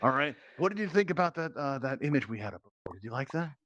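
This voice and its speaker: A man's voice: mid-range voice, big pitch swings, quick pace, fairly bright tone, muffled recording, a little hiss or hum. A man hosting a live virtual reality game show, bantering playfully and teasing his contestants.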